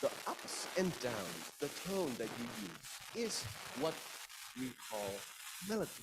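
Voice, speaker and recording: Lively man teaching a class. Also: on the high side, background noise. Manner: lively, engaging, asks the audience questions. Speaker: lecturer. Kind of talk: interactive classroom lecture.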